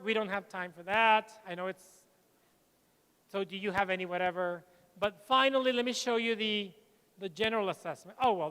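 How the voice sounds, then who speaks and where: A middle-aged man, giving a lively plenary talk to teachers and telling anecdotes. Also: sits high, clean tone. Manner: lively, switches between English and Spanish, tells anecdotes. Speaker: conference speaker. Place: large lecture hall. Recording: long hall reverb.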